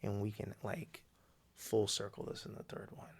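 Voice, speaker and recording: Gravelly man telling a story animatedly. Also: lowish voice. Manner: animated, slangy storytelling with quick acted quotes. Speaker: podcast co-host. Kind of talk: casual chat.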